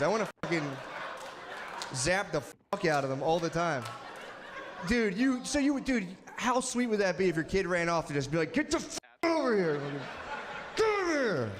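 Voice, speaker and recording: A man's voice: high-pitched, background noise. A man doing crude stand-up crowd work on a club stage, brash and profane, laughing at his own jokes.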